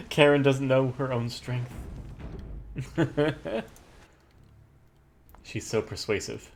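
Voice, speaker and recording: A man's voice: medium pitch, fairly even intonation, moderate pace, soft background music. A man streaming a game, playfully commenting and reading his dialogue choices aloud. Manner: playful, reads his choices in a mock-formal tone and laughs.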